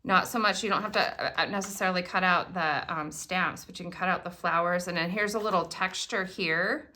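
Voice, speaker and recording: Bright-voiced woman gushing over crafts. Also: mid-range voice, moderate pace. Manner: gushing, exclaiming over each item. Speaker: craft product demonstrator. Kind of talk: unboxing vlog.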